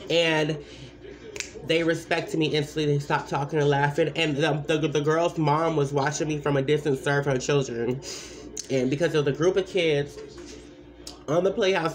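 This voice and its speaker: A woman's voice: low-pitched, steady tone, normal speed. A woman giving blunt, rambling advice in a casual vlog, full of asides and repeated points. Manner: repeats points with many fillers.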